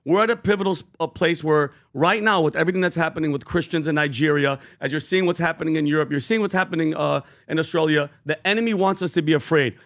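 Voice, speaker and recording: A man's voice: on the high side, fast talker, hardly any pauses. A man, co-hosting a podcast, talking earnestly with many fillers and restarts as he retells a scripture story. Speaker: podcast co-host. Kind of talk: animated casual podcast talk, retelling scripture.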